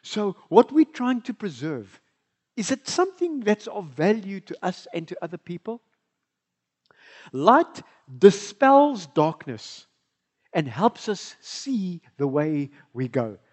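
South african pastor guy preaching in church, high lively voice, keeps asking the room questions. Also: slow pace. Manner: animated, engaging the congregation with questions. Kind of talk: bilingual sermon.

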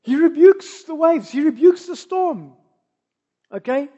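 A woman with a South African accent preaching a sermon, moving between soft asides and loud, emphatic passages. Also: high voice, animated, unhurried, highs cut off.

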